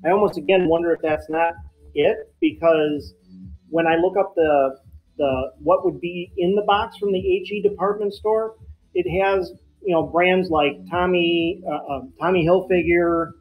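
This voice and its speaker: A woman with a lowish voice co-hosts a live clothing sale, musing out loud about where the stock comes from. She teases her partner drily, with faint music underneath. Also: unhurried, narrow, tinny audio. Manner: explains and muses aloud, dry teasing. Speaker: live-stream seller co-host. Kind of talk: casual live-sale chat.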